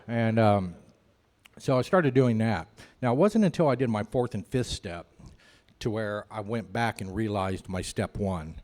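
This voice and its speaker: A man's voice: on the low side, expressive, moderate pace, a little mellow. A man telling his recovery story at a meeting, candid and rambling, with many "you know" fillers. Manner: candid, self-mocking. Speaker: AA speaker.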